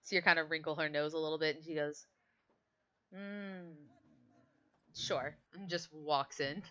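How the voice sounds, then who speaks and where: A woman's voice: deep voice, little pitch movement, quick pace, a bit bright. A woman narrating a tabletop game as game master, casual and hesitant, on a dull lo-fi mic.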